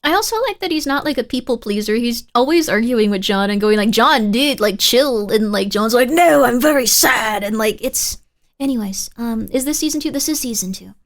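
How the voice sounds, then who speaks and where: Woman streamer, casual live-stream chat, fairly high voice, rambling with fillers. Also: fairly quick. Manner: chatty, rambling with many fillers.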